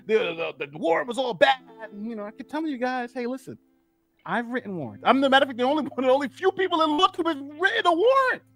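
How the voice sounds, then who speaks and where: A man hosting a casual live-stream commentary, chatty and repetitive, gloating as he talks. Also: extremely high pitch. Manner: animated, repeats himself, gloating and chatty. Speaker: host of a legal commentary channel.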